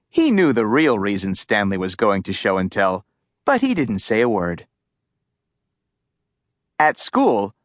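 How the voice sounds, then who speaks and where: A woman narrating a children's audiobook in a slow, lively storytelling voice. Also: very deep voice, no echo, studio quality.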